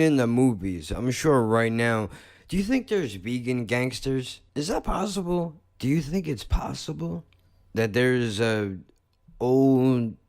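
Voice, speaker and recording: A man hosting a podcast in casual chat, blunt and profane, joking as he talks. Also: fairly low pitch. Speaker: podcast host.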